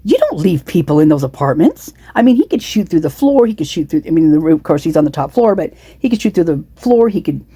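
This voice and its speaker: Indignant, rambling woman, dark and husky. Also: low voice, big pitch swings, fast talker, few pauses, no echo. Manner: indignant, repetitive, many restarts and asides. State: has the hiccups. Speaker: true-crime commentary vlogger. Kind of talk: casual rambling commentary.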